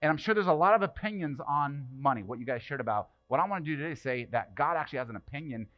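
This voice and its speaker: In church, a pastor with a mid-range voice preaches in a conversational style, tossing rhetorical questions to the congregation and shifting between booming moments and hushed asides, all captured in dull-sounding audio.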